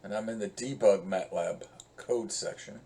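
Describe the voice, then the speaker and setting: A man's voice: on the low side, dark tone. A male professor walking through code in a screen-recorded lesson, talking conversationally and thinking aloud as he works. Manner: slow, conversational, thinks aloud while working.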